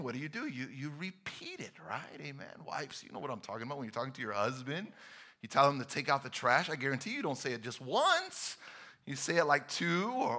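A man preaches a sermon in a high, lively voice that leaps up and down in pitch. He takes his time, drawing words out slowly, and his tone is bright and ringing. He hammers home key phrases by repeating them, rising to loud emphasis and then dropping almost to a whisper. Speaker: pastor.

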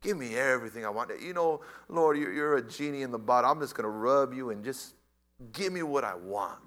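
A man's voice: mid-range voice, animated, a little fast, fairly bright tone, voice pushed down, lightly acted. A man voicing a demanding crowd in a sermon, pleading and wheedling for bread and signs.

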